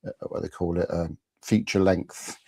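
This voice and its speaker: A man's voice: low-pitched, fairly even intonation, normal speed, darkish tone, breathy edge, no echo. A middle-aged man hosting a live fan chat show, telling rambling stories full of restarts and fillers. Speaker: podcast host. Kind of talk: casual live-stream chat.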